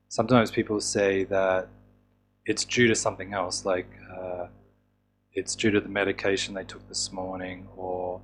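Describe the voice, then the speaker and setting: A man teaching a course on tapping therapy in a relaxed, casual way, with fillers and restarts. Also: fairly low pitch. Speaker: EFT teacher.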